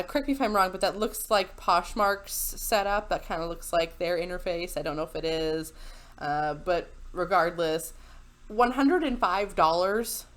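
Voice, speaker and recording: A woman's voice: mid-range voice, fairly bright tone. A woman giving casual reaction commentary as a video host, sarcastic and incredulous, breaking into laughter often. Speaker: YouTube commentator.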